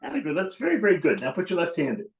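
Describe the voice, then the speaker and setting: A man's voice: on the high side, big pitch swings, racing, poor audio. A man teaching piano to a young student, encouraging and demonstrating phrases as he goes. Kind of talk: piano masterclass coaching. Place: room with a piano being played. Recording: loud piano over the voice.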